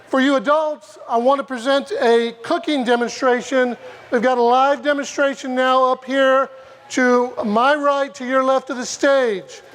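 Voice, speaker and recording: High voiced guy on the mic at a fair doing announcements, quick and matter of fact. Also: steady tone, a bit bright. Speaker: event announcer. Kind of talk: stage announcements. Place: outdoor festival stage.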